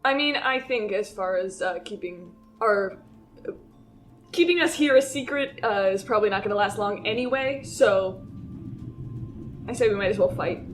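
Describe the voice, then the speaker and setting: A woman's voice: medium pitch, moderate pace, pauses often, soft background music. A woman playing a tabletop game, easygoing and asking questions. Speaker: player. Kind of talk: casual tabletop play.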